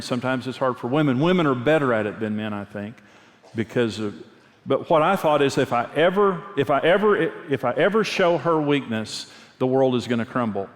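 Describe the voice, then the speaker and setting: A man preaching a conversational sermon, telling personal stories earnestly and repeating his key phrases. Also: medium pitch. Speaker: pastor and marriage speaker. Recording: long reverb of a large hall.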